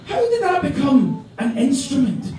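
A Scottish man doing a stand-up comedy set, animated and mock-indignant, with swearing. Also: extremely high pitch, measured pace. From Scotland. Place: comedy club stage. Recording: echoey club, distant mic, audience laughter. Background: audience laughing.

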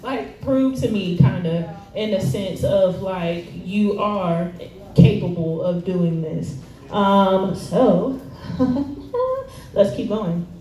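Speaking very slowly, a woman with a warm, medium-pitched voice and lively intonation gives a casual sermon at a church service. She uses slangy speech, fillers galore and laughs easily. The church hall recording is echoey, with her far from the mic and faint noise.

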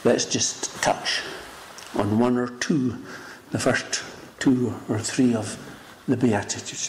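A man preaching a sermon, swinging from high exclaiming cries down to hushed whispers. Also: steady tone, slow, long pauses, reverberant, a little hiss or hum, low-quality recording. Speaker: pastor. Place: church.

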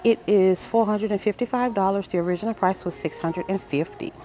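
Excited woman reading out store prices. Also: medium pitch, a little fast, soft background music. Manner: excited, reads prices aloud, addresses viewers as guys. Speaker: shopping vlogger. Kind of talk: casual store walkthrough. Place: large furniture store, indoors.

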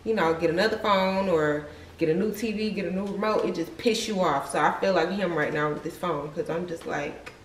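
A woman's voice: fairly low pitch, brisk. Chatty young woman vlogging, noisy background. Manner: chatty, slangy, laughs often. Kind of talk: casual vlog chat to camera.

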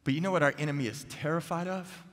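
A man preaching a chapel sermon, energetic and humorous, who keeps putting questions to the crowd. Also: a little high, quick pace. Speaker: guest preacher. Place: seminary chapel. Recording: echoey chapel hall.

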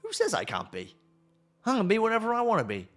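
A man's voice: sits high, huge pitch swings, fast, fairly bright tone, faint music behind, pitched above the performer's own voice, heavily acted. A man reading the lines of a determined young woman climber, earnest and defiant, close to his own voice.

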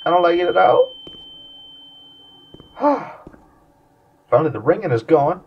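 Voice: medium pitch, huge pitch swings, unhurried, pauses often, darkish tone, recorded from a distance, slight background noise. A gamer giving let's-play commentary on a horror game, pleading and laughing nervously at the scares.

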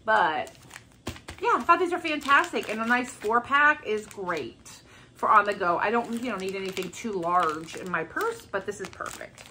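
Bright-voiced chatty woman vlogger. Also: medium pitch, lively intonation, moderate pace, a little hiss or hum. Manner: chatty, rambling, upbeat product talk. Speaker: haul vlogger. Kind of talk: casual chat. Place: home with a bay window.

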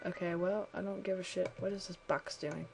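A woman's voice: lowish voice, fairly even intonation, fairly quick, vocal fry, over music. A woman playing a video game and reacting bluntly, with exclamations and swearing. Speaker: gamer. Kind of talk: let's play commentary.

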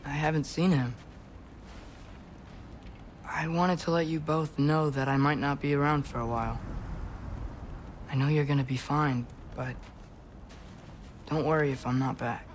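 A young man voicing an earnest teenage demigod in a video game, gentle and sincere. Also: a little high, steady tone, measured pace, long pauses, a little hiss or hum, close to an everyday voice. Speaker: game character.

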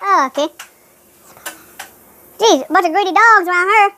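A woman putting on a squeaky, whiny hungry dog. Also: pushed and bright, a little hiss or hum. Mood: grumbling. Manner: complaining, squeaky and rushed. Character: hungry whiny pet dog, grumbling and greedy.

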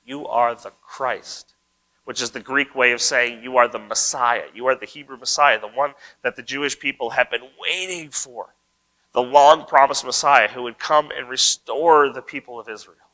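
A man pastor preaching a sermon in a conversational way. He reads scripture aloud, comments on it, and often adds a quick "right?" to check in with listeners. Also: mid-range voice, pushed and bright, low-quality recording.

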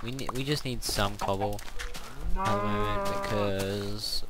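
A man with a fairly low voice talks through his gameplay in a loose, rambling way, full of ums and half-finished thoughts. He sounds sleepy, and there is steady noise on the home recording. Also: a little slow. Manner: rambling and hesitant, many fillers. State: sleepy, yawning. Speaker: gameplay commentator. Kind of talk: casual gameplay commentary.

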